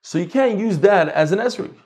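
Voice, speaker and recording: A middle-aged man teaching a casual Talmud class, animated and swinging between loud and soft. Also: high voice, fairly quick.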